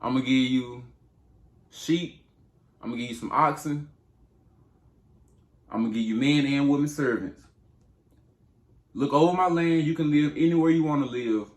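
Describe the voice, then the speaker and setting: A man's voice: mid-range voice, normal speed, long pauses, lightly acted. An ancient king protests and pleads in loose, slangy modern talk, as a man acts him out. The voice sits in an ordinary middle register for a man. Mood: conciliatory. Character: ancient male king, indignant and protesting innocence.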